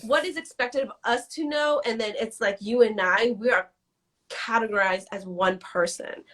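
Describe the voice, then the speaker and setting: A woman guest in a casual interview, talking in quick animated bursts and acting out quoted conversations. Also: on the high side. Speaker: guest, business strategist.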